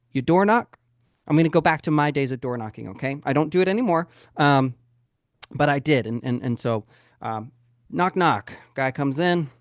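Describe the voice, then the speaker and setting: A man's voice: on the high side, no room sound, studio quality. A man hosting a live real estate coaching webinar, telling stories and acting out the dialogue in them. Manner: animated storytelling, acts out dialogue.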